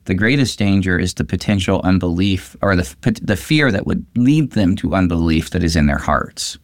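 A man's voice: sits low, normal speed, dry recording, clean studio sound. A man, a pastor, discussing a Bible passage in casual conversation and animatedly acting out quoted lines. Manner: animated, acts out quotes with lifted voice.

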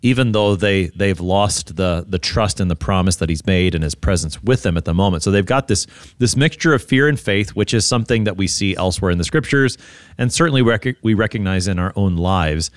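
A man, a pastor, talking through a Gospel passage in a thoughtful, halting way with frequent restarts. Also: low-pitched, dry recording, studio quality. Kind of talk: conversational Bible discussion.

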